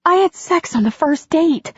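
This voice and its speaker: An emotional, self-doubting romance heroine, voiced by a woman narrator, her breathy voice rising high and quick. The recording is dull and lo-fi. Her lines tumble out fast and a little shaky. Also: lively intonation, no echo.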